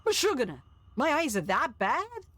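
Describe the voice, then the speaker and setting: A woman's voice: sits high, very animated, moderate pace, fairly bright tone, no echo, voice pushed up. A woman voicing a sassy older woman in a story game, wry and teasing.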